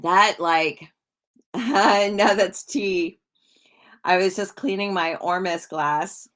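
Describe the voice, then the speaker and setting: A woman's voice: mid-range voice, extremely slow. A middle-aged woman hosting a casual livestream, chatting with viewers and reading their comments in a rambling way. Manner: chatty and rambling, with frequent restarts and soft laughs. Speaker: psychic livestream host.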